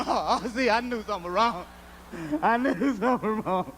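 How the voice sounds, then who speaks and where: A man performing a stand-up comedy routine on a club stage, an animated storyteller who often shouts. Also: extremely high pitch, normal speed, creaky, slight background noise.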